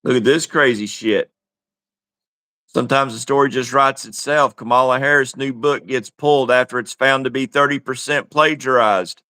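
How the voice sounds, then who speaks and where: A man's voice: medium pitch, fairly even intonation, moderate pace, sharp tone, dry recording. A man co-hosting a casual livestream chat, talking in a laid-back, wry drawl. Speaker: livestream co-host.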